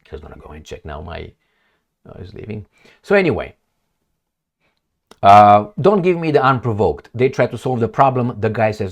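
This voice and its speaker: A male commentator speaking off the cuff in a lively, animated way, with his pitch swinging widely. He peppers his points with rhetorical questions and sarcasm. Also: moderate pace, long pauses. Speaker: political commentator. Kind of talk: casual opinion commentary.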